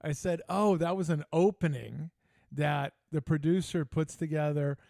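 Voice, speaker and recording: A man's voice: a little high, a little slow, creaky, no room sound. Brash older man telling stories. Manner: animated, brash, joking storyteller. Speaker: podcast host. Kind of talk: casual storytelling chat.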